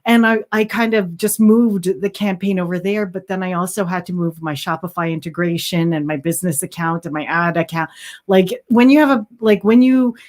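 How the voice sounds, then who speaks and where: A woman's voice: on the low side, moderate pace, darkish tone. A woman hosting a casual livestream chat, talking chattily with many fillers and restarts and reading out viewer comments. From Canada. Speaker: livestream host, handmade hat seller.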